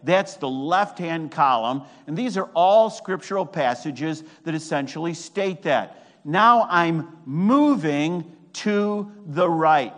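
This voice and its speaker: A man's voice: a little high, expressive, slow, few pauses, fairly bright tone. A man preaching a sermon while teaching from a chart, with emphatic repetition and self-mocking humor.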